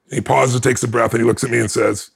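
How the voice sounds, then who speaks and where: This man is a podcast guest spinning an animated story about himself, laughing between lines and acting out others' words. His medium-pitched voice is creaky with a breathy edge, and he talks fast.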